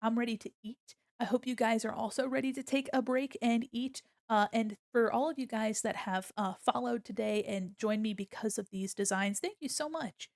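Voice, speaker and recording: A woman streamer in casual live-stream chat, playfully yelling mock insults at her chat between friendly thank-yous. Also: a little high, normal speed, few pauses, dry recording, studio quality.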